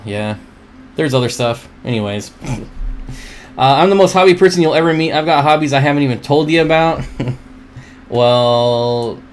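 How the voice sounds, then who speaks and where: A man's voice: medium pitch, a little hiss or hum. Rambling, chatty man hosting a livestream. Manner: rambling and chatty, often laughs at his own jokes; reads viewer comments aloud and answers them. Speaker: livestream host. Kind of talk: casual livestream chat.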